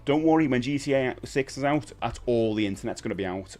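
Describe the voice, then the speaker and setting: A man's voice: mid-range voice, fast, a little mellow. A man, hosting a casual live stream and chatting with viewers in a rambling, friendly way. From United Kingdom. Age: 50s. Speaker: livestream host.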